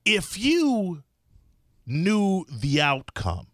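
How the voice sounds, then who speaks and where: A man hosting a talk radio show, joking around in casual banter with lots of laughter, then dropping low for asides. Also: huge pitch swings, extremely slow, no echo, studio quality.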